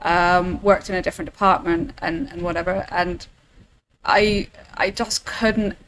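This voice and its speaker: A woman's voice: fairly low pitch, steady tone, a little slow, a bit bright, poor audio. Southern english woman chatting, laughs a lot, trails off, bit of hiss behind. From England. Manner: laughs often, trails off mid-sentence. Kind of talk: casual chat.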